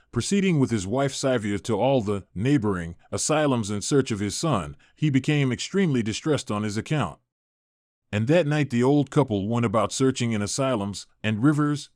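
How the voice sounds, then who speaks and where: A man narrating an old epic as an audiobook in a steady, measured reading voice. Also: medium pitch, no echo, clean studio sound. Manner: steady, even recitation with formal old-fashioned wording.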